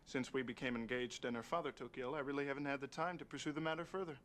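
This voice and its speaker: Quick, polite young Texan reverend, played by a man in a video game, faint hiss. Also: medium pitch, fairly even intonation, fairly bright tone, natural voice. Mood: earnest. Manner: polite and earnest. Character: earnest young male Texan reverend investigator. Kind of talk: full-motion-video game acting.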